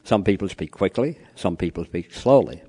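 A man's voice: sits low, lively intonation, normal speed, dark tone, husky. A man lecturing a live audience on cross-cultural communication, telling anecdotes, peppering his talk with "you know" and quizzing the room. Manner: frequent "you know" fillers.

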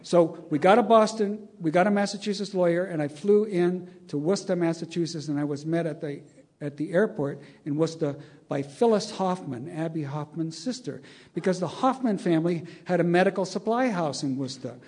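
A man's voice: fairly high pitch, brisk, darkish tone. An older man telling a long, wry anecdote to an audience, chuckling as he acts out the dialogue. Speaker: storyteller.

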